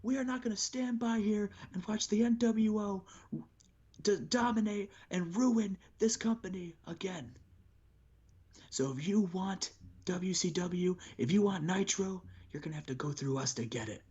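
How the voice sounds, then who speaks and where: A man voicing a furious male wrestler cutting a defiant promo, shouting high and loud. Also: normal speed, slightly rough, highs cut off. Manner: shouty, raised and declamatory.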